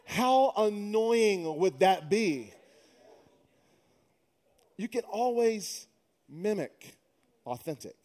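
Pastor guy preaching, joking around then getting fired up, kinda high voice. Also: warm tone. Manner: humorous, conversational, builds to emphatic preaching. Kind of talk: sermon.

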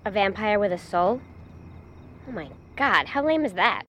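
A woman's voice: mid-range voice, animated, moderate pace, fairly bright tone, lo-fi sound, a little hiss or hum, natural voice. An actress playing a sarcastic young woman who fights vampires. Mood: scornful. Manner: scornful.

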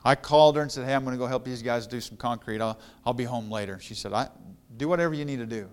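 Man preaching a personal story, smooth voice. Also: medium pitch, fast. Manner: conversational testimony, grows louder and more fervent when preaching. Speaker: guest pastor. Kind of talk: storytelling sermon.

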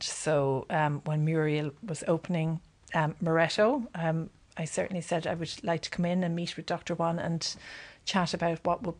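A woman in her forties answers questions slowly and carefully, pausing often with ums. Her voice sits slightly low. She speaks as a client being interviewed. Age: 40s.

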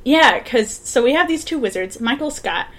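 A woman co-hosting a podcast in casual chat, animated and sarcastic, swearing freely and acting out quotes. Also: high-pitched, moderate pace. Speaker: podcast co-host.

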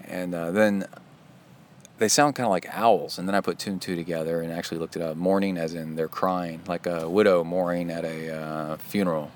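A man's voice: low-pitched, steady tone, brisk, a little hiss or hum. A middle-aged man hosting a podcast, talking in a chatty, self-deprecating way that wanders off into side stories. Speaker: podcast host. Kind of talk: casual rambling podcast monologue.

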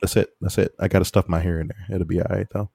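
Man, very low voice, laid-back rambling podcast chat, dry close mic. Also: steady tone, fast talker, gravelly, dark tone, husky, no echo. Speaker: podcast co-host.

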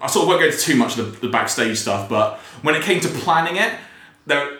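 A young man hosting a podcast, telling stories in a lively way and laughing often. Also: on the high side, quick pace. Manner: animated storyteller, acts out quotes, laughs often. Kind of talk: casual chat. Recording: roomy echo.

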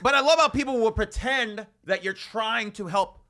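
A Las Vegas comedian and podcast host with a high-pitched voice speaks at normal speed, telling stories and ranting in a casual chat. He's an animated, ranting storyteller.

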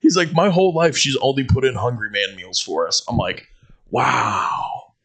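This podcast co-host has a gravelly, medium-pitched voice and talks at normal speed. He recounts crude stories from the workplace in an animated, foul-mouthed way, laughing often and acting out what people said.

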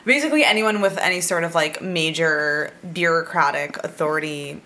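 A woman's voice: sits low, moderate pace, sharp tone. A woman co-hosting a podcast in casual chat, playful and jokey, swearing freely. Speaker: podcast co-host.

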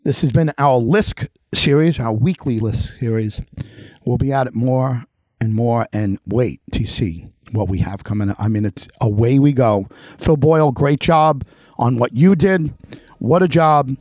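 In clean studio sound without echo, a man hosts a political talk show at a slightly slow pace, his mid-range voice a little mellow. His monologue is heated, packed with emphatic, repetitive rhetorical questions aimed at an absent official.

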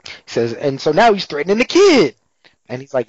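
A man co-hosting a casual chat and animatedly retelling scenes from a TV episode, with quick voices for the characters. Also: on the high side, huge pitch swings, no echo. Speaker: podcast co-host recapping a TV episode. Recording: dull lo-fi recording.

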